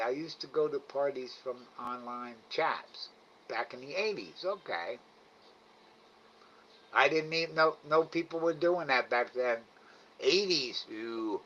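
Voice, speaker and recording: A middle-aged man chats slowly and loosely with his livestream viewers, chuckling and letting sentences trail off. His voice is bright and forward, though the stream audio is a bit dull and lo-fi. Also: medium pitch, vocal fry, slight background noise. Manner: rambling, chuckling, trailing off often. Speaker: livestream host. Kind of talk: casual chat reading viewer comments. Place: home, live night cam stream.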